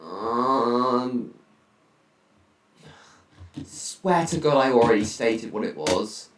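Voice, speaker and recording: A teenage boy live streaming from home, chatting casually and reacting out loud to his viewers' chat messages. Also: mid-range voice, expressive, very slow. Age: teens. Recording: roomy, distant mic.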